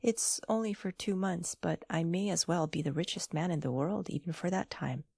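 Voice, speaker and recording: A woman's voice: fairly low pitch, moderate pace, gravelly, a little mellow, breathy edge, dry recording, clean studio sound. A woman voicing a mournful but stubborn young suitor in an audiobook. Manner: mournful then fierce. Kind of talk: audiobook character voice.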